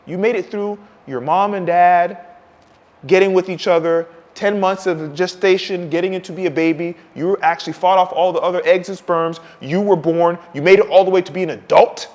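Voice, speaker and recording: Man, 40s, high-pitched podcast host, fiery tough-love motivational rant, reverberant room. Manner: loud, preachy, swings between shouting and muttering.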